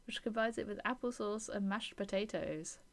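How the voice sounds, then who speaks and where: A woman streaming a game, reading its text aloud and chatting between lines with giggles and soft whispered asides. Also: mid-range voice, normal speed, vocal fry.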